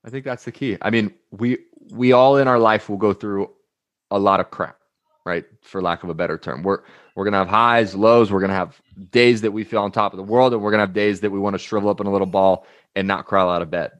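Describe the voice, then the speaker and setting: A man's voice: lowish voice, fairly quick, no room sound. A young man, a coach, talking casually as an interview guest, telling stories and acting out quotes with energy. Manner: energetic storyteller, uses anecdotes and acted-out quotes.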